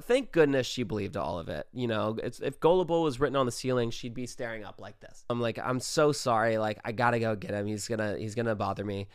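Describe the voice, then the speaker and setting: A young man casually telling a story on his vlog, animated and profane, full of quick asides. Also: mid-range voice, no room sound, studio quality. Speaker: vlogger.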